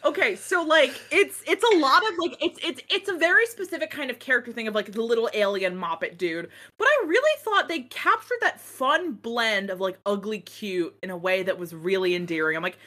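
A woman co-hosting a casual podcast chat, rambling and animated, swearing freely. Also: fairly high pitch, brisk, few pauses. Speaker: podcast co-host.

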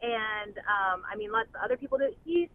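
A woman's voice: mid-range voice, lively intonation, a little fast. Hesitant mother calling in by phone. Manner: rambling, hesitant, many fillers. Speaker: caller, mother. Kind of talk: phone-in conversation. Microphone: telephone. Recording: phone line with faint noise.

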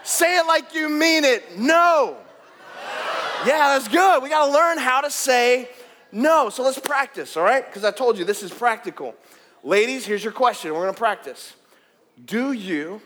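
A male pastor with a high voice preaching in an animated, joking way. He calls out to the congregation and teases them. His voice rings through a big hall with a long reverb tail. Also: normal speed, a little hiss or hum. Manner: animated, jokey, calls out to the crowd. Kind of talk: sermon.

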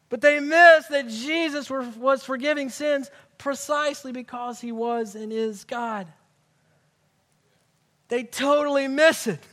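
A man with a strikingly high voice preaches in a loose, conversational way, tossing in slang as he retells a scene. His voice rings with the long reverb of a large hall. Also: fairly bright tone. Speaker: pastor. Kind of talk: sermon. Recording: echoey hall.

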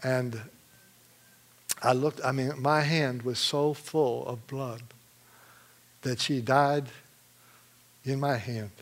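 A man from Michigan giving a testimony in a sermon, telling his story with animated energy and frequent laughs. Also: mid-range voice, slow, pauses often. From Michigan, USA.

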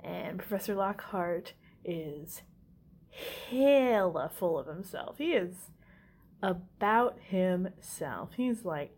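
A woman's voice: mid-range voice, animated, slow, husky. A woman casually recapping a movie, swearing freely and laughing at her own asides. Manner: casual, profane, giggly asides.

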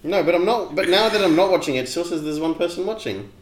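A man's voice: high-pitched, expressive, fast talker. A man, co-hosting a casual chat and joking around. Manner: joking, reads comments in a put-on Aussie bogan voice. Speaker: podcast co-host. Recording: roomy echo.

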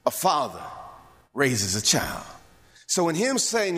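Animated male preacher in a reverberant church. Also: a little high, moderate pace. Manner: animated preaching, rhythmic and emphatic. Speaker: pastor. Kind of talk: sermon. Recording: long hall reverb.

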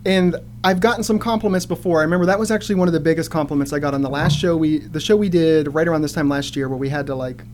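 A man telling funny stories in casual chat as a comedian guest, often jumping into loud character voices. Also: on the high side, steady tone, quick pace, few pauses, slight background noise.

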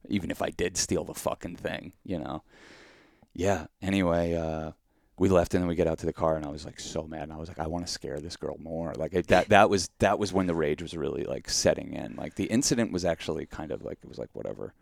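Podcast co-host, man, deep gravelly voice, rambling anecdote, dry close mic. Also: a little fast, no echo. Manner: rambling, heavy use of "like"; profane, mock-outraged quotes. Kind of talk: casual storytelling.

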